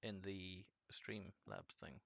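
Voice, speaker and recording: A man chatting casually on a live game stream, rambling and swearing, his voice jumping from deep to screechy when excited. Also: slow pace, vocal fry, no room sound.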